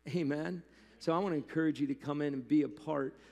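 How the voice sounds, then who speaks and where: A man preaching a sermon as pastor, talking to the congregation in a loose, animated way with asides. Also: fairly high pitch, quick pace, gravelly. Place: church hall. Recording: long hall reverb.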